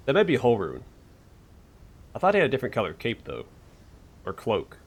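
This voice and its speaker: A man's voice: mid-range voice, wildly swooping pitch, a little fast, long pauses, slightly rough. A man hosting a game playthrough, reading the narration aloud and mumbling asides. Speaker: let's play host. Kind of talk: reading game text aloud with casual commentary.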